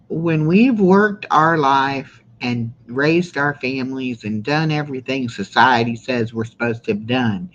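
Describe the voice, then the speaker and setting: A woman's voice: very deep voice, slight background noise. Woman, 60s, live-stream host; rambling, chatty delivery full of fillers; slightly dull lo-fi audio. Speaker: livestream host. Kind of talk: casual live-stream chat.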